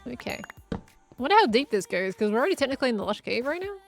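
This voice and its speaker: A woman's voice: fairly high pitch, very animated, racing, vocal fry, faint music behind. A young woman chatting casually while streaming a game, musing aloud and laughing often. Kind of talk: casual live-stream chat while gaming.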